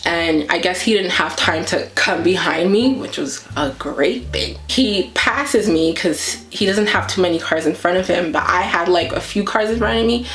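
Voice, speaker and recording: A woman's voice: lowish voice, moderate pace, hardly any pauses, echoey room. A woman vlogger casually telling a story, acting out her own reactions as she goes. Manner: animated retelling that acts out her own reactions.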